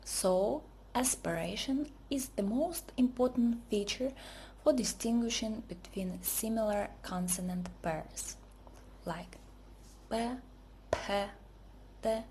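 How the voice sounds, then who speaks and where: Woman, language lesson narration, very slow, deliberate, soft faint hiss behind. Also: mid-range voice. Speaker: language teacher.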